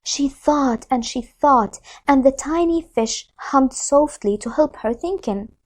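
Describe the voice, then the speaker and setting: High-voiced teacher reading a story slowly. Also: female voice. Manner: slow, expressive read-aloud. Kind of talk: reading a storybook aloud to children.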